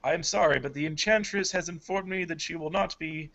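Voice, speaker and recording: A man's voice: fairly high pitch, fairly quick, creaky, fairly bright tone, voice pushed up. A man voicing an earnest, apologetic male town guard, with dull lo-fi audio.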